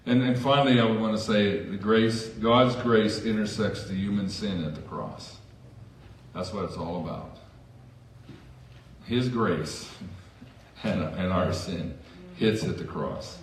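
A man's voice: fairly low pitch, measured pace, far from the mic, a little hiss or hum. A man preaching a sermon as pastor in a church, conversational with self-deprecating asides. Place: church sanctuary. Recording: echoey church hall from afar.

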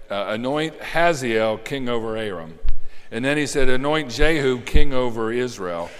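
Man preaching in a reverberant hall. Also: mid-range voice. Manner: conversational preaching with frequent restarts and fillers. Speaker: pastor. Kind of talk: sermon.

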